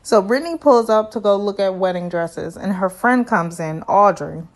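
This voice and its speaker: A young woman giving a casual, sassy recap of a reality show, full of animated asides to her viewers. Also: mid-range voice, moderate pace. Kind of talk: casual review commentary.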